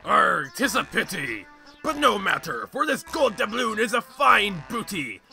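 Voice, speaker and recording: A man's voice: high voice, very animated, unhurried, gravelly, pushed and bright, faint music behind, heavily acted. A man voicing a blustering male sky-pirate leader who talks like an old-time pirate. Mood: hammy. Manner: hammy pirate talk, boisterous.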